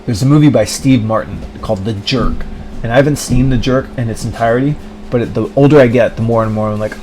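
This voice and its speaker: A man's voice: mid-range voice, fast talker, a little mellow, slight background noise, rough recording. Man on a rambling rant. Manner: rambling, full of "like" fillers and mocking quoted voices. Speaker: vlogger.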